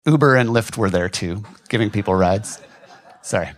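A male pastor delivers a conversational sermon in a church hall, tossing occasional asides and jokes to the congregation. His lowish voice moves at normal speed and is wearing thin as he loses it.

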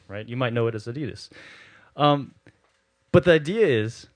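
A man's voice: mid-range voice, moderate pace, no room sound. Brief: male pastor, easygoing sermon talk, dry close sound. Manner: conversational, filler-heavy.

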